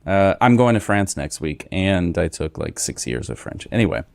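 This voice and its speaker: A man's voice: sits low, big pitch swings, normal speed, vocal fry, dry recording, studio quality. A man hosting a podcast, joking and bantering casually with his guest. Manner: joking, playful interjections. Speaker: podcast host.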